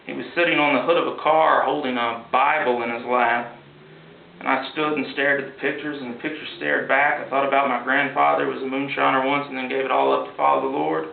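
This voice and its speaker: A man reading his own story aloud at a live event in a gallery, in a plain, wry, unhurried way. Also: mid-range voice, flat delivery, creaky. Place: art gallery. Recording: echoey gallery from far off, tinny with hiss.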